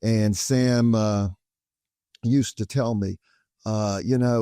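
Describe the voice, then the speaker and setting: A man's voice: on the low side, steady tone, slow, dark tone, smooth, no room sound, clean studio sound. An older man answering interview questions as a guest attorney, telling long anecdotes in a reassuring, folksy way. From Louisiana, USA. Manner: reassuring, story-driven, folksy.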